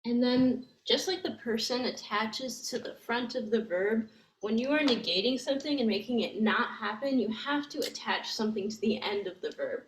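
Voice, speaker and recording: A woman's voice: a little high, moderate pace. A woman teaching language grammar, explaining step by step in a patient way and thinking aloud with many fillers. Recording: echoey room with faint noise.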